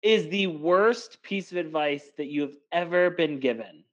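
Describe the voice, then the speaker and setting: A man's voice: a little high, measured pace, lo-fi sound. A young man co-hosting a podcast, chatting casually and telling stories, with lots of filler "like". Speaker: podcast co-host. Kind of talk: casual chat.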